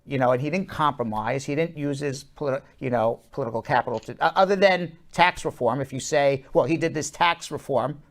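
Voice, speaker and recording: A man hosting a talk show, giving casual political commentary in animated, fast bursts with lots of fillers. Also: mid-range voice.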